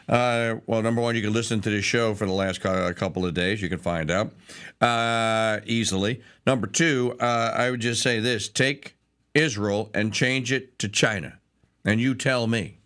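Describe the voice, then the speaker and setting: Bright-voiced ranting talk show host man. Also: medium pitch, moderate pace. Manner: animated, ranting, rambling with asides.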